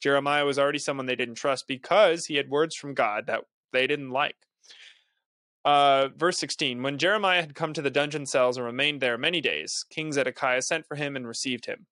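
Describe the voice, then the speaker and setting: A man's voice: mid-range voice, a little fast, sharp tone, dry recording. Earnest man reading scripture, dry sound. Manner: earnest, with casual asides. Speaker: podcast host. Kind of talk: Bible reading with commentary.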